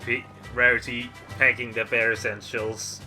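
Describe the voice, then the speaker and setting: A man reacting to a cartoon as he watches it for the first time, dropping quick joking asides. His tone is very bright and sharp, with faint music under his talk. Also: medium pitch, flat delivery. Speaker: video commentator. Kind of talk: blind reaction commentary.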